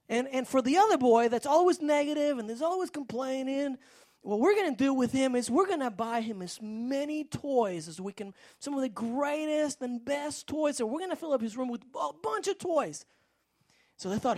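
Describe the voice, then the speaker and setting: A woman's voice: sits high, animated, moderate pace, a little mellow. A woman preaching a sermon, telling a story in a rambling way with frequent restarts.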